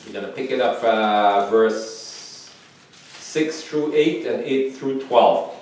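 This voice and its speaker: A man's voice: takes it slowly, a little hiss or hum. A male pastor preaching a sermon, reading scripture aloud and often asking the congregation "Amen?". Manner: preaching, rises loud and high reading scripture. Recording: echoey hall from far off.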